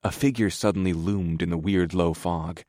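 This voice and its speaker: A male audiobook narrator reads a first-person fantasy with a wry, grumbling, understated delivery. His voice sits very low. The recording is close and dry. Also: fairly even intonation, normal speed, mellow, dry recording.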